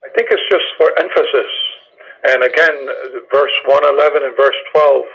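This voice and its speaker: A man in a study session explaining Hebrew grammar in a methodical, hesitant way, pausing often with fillers. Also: a little high, steady tone, vocal fry, slightly rough, dull audio. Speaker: study group participant.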